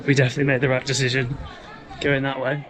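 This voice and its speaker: A man's voice: mid-range voice, level tone, fast talker, crowd noise. A man talking casually to camera, explaining travel plans while walking through a mountain park. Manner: chatty, conversational, explains plans as he walks. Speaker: travel vlogger. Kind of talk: casual travel vlog narration.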